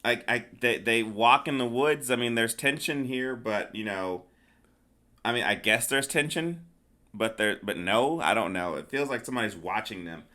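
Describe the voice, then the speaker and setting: A man's voice: medium pitch, moderate pace, bright, forceful tone. A middle-aged man hosting a casual podcast, recapping a film in a rambling, hesitant way with lots of restarts. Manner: rambling, hesitant, acts out characters' lines. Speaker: podcast host. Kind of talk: casual movie review chat.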